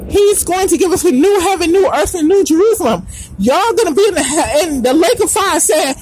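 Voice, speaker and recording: A woman with a high, bright voice holds forth in a preachy podcast monologue. Her pitch swoops widely as she drives her points home, repeating phrases and drifting into snatches of song. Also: animated, moderate pace, a little hiss or hum, poor audio. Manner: emphatic, repeats lines, breaks into sung phrases. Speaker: podcast host.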